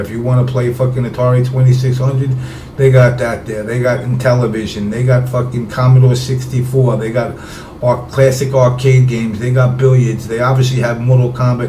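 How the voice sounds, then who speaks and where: A man hosting a casual streamed talk show, rambling and swearing offhandedly. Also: medium pitch. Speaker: show host. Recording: roomy with background noise.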